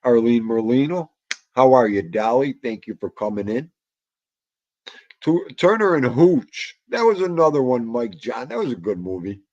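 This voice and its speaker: A man's voice: medium pitch, big pitch swings, normal speed, darkish tone, no room sound, lo-fi sound. A man hosting a casual livestream, rambling about old movies, muttering asides to himself and greeting chat. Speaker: livestream host.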